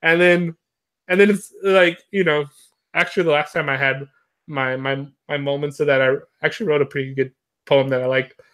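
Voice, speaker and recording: A young man chatting casually, rambling through his thoughts with many fillers and frequent laughs. His voice sits a little high for a man and sounds bright and forceful. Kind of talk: casual chat.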